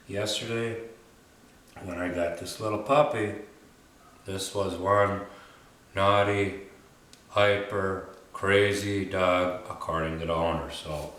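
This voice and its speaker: Deep-voiced man trainer in an echoey room. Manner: folksy, repeats words, many "you know"s, drops to soft murmurs to the dog. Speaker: dog trainer. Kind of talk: casual hands-on demonstration. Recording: echoey room with faint ambient noise.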